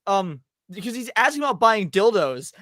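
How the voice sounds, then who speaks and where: A man's voice: high voice, big pitch swings, moderate pace, pushed and bright, dry recording. A man co-hosting a movie review podcast who makes sarcastic jabs and acts out scenes. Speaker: podcast co-host. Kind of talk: casual chat.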